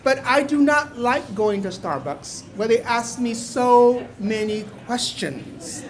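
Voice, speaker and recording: An older man from Mexico telling a story on stage to a live audience, playful and wry, now and then bursting into loud exclamations. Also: extremely high pitch, takes it slowly. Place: small bar venue before a live audience.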